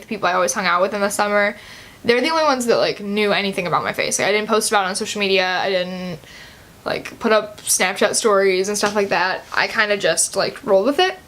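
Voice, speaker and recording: Speaking to camera with a medium-pitched, fairly bright voice, a roughly seventeen-year-old girl shares a personal story. Her vlog is loose and chatty, full of "like" and "um."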